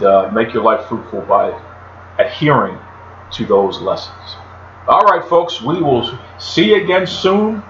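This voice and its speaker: A man hosting a solo podcast in a chatty, animated way, talking about himself by name. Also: medium pitch, slight background noise. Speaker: podcast host. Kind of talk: solo wrestling podcast talk. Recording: roomy, dull lo-fi home recording.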